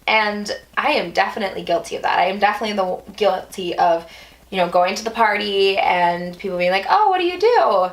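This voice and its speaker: A young woman hosting a casual vlog, talking things through out loud with restarts and lively little outbursts. Her voice has a slight gravelly fry, and her pitch sits in an ordinary middle range. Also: brisk, poor audio. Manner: thinking aloud, with restarts and playful exclamations. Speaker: yoga instructor and vlog host. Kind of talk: casual reflective vlog talk.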